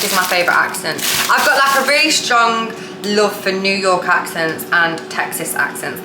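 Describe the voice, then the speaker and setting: A woman's voice: mid-range voice, animated, normal speed, very noisy. A woman who coaches manifestation, chatting bluntly and casually with some swearing while she cooks dinner at home. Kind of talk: casual vlog talk while cooking. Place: home kitchen, cooking dinner. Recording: echoey kitchen with cooking clatter.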